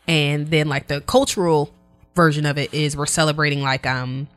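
A woman co-hosting a podcast in casual chat, explaining things at length with many fillers and laughing loudly. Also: low-pitched, fairly even intonation, moderate pace, soft background music. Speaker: podcast co-host.

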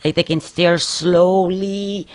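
A woman's voice: lowish voice, fairly even intonation, slow pace, a little mellow. A woman hosting a faith-based interview show, asking questions and encouraging her guest. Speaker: host.

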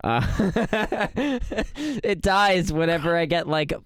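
A man's voice: sits high, lively intonation, drawn-out words, no echo. A man in casual chat, teasing his co-host with dry jokes. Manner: teasing, joking sidekick.

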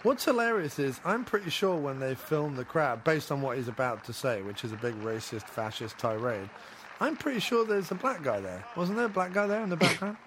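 A man's voice: a little high, lively intonation, brisk, noisy background. A man chatting casually, crudely mocking a film as he watches. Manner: crude, joking, mocking commentary. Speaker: podcast co-host. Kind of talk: casual chat reacting to a film.

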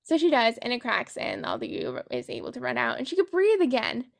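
A woman with a high voice and noticeable vocal fry is retelling a novel on her podcast. She talks in a sarcastic, casual way, swearing freely and giggling. It feels like a loose chat between friends. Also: wildly swooping pitch, fairly quick. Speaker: book podcast host.

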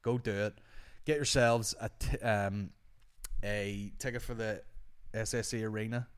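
A man's voice: on the low side, steady tone, a little slow, clean tone. A man, a comedian hosting a podcast, chatting casually and rambling through listener questions with lots of swearing. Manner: swears freely, rambling, sardonic. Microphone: studio microphone.

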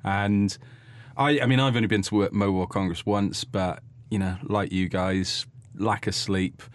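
A man talking casually as a podcast guest, halting and repeating his words. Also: fairly low pitch, fairly even intonation. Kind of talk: casual chat.

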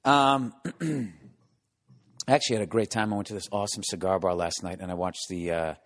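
A man's voice: low voice, steady tone, very fast. Middle-aged man, casual podcast monologue, profane, sarcastic, recorded at home. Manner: profane, sarcastic ranting with mocking put-on voices. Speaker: podcast host. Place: home, construction noise below.

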